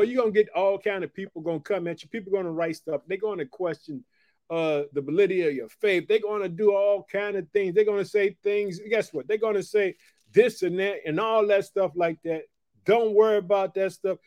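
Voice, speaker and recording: A man's voice: sits high, brisk, darkish tone, no room sound. A man preaching a fervent podcast sermon, with repeated rhetorical asides. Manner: fervent, repetitive call-and-response asides.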